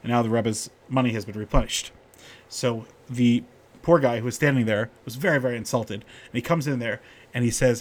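A middle-aged man gives a casual Torah talk full of stories. His pitch sits in an ordinary middle range, and he rises and gets livelier when he acts out what the characters said. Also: brisk. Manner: storytelling, animated when quoting characters. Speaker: rabbi giving a Torah talk.

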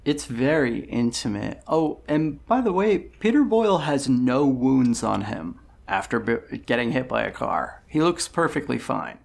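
A man's voice: medium pitch, very animated, a little slow, gravelly, hardly any pauses. A man co-hosting a casual podcast, dropping wry comments and laughing at his partner's story. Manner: wry interjecting remarks with frequent laughs. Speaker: podcast co-host. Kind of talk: casual chat.

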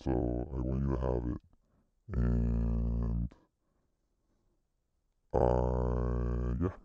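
A man playing a prim female bath shop owner in an improvised comedy sketch, rambling and halting. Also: very deep voice, monotone, dark tone, no echo, muffled recording, exaggerated voice.

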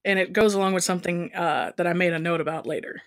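A woman's voice: fairly low pitch, steady tone, fast talker, no room sound, studio quality. A woman co-hosting a casual comedic review, reading excerpts aloud and giggling between quips. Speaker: podcast co-host. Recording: home recording with thumping from upstairs.

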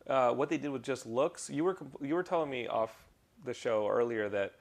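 Gravelly voiced guy, co-host on a movie podcast, keen and a bit stop-start. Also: mid-range voice. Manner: enthusiastic, halting restarts. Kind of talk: casual film review chat.

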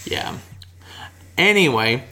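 A man co-hosting a relaxed podcast conversation. His voice sits at an ordinary middle pitch, and he talks with a playful, teasing bent, often breaking into laughter. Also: slow. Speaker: podcast co-host. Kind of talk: casual chat.

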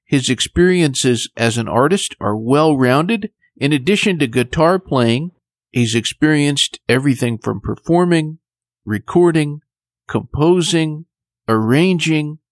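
A man's voice: medium pitch, dry recording, studio quality. A male podcast host giving polished, formal introductions to his guest. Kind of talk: podcast hosting.

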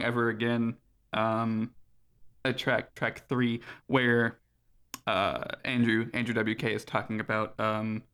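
A man's voice: medium pitch, fairly bright tone, smooth. A man co-hosting a podcast, talking casually in a rambling way with frequent laughs. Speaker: podcast co-host. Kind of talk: casual chat.

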